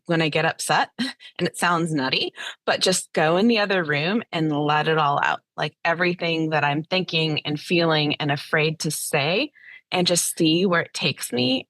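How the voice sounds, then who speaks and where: Candid reflective woman guest, lowish voice, dry close sound. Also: a bit bright, dry recording. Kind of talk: casual recovery talk.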